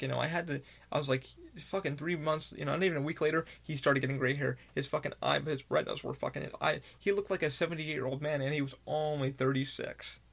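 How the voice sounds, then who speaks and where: Gravelly, candid man ranting casually. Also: fairly high pitch. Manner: candid, rambling, heavy swearing. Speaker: podcast host. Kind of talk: casual monologue.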